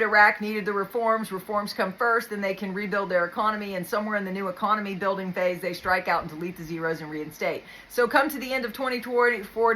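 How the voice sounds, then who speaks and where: A tired woman hosts a casual livestream, chatting as she reads out posts from others. Her voice is bright and carries a forward edge. She rambles and asides freely between the quotes. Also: mid-range voice, a little hiss or hum, poor audio. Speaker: host.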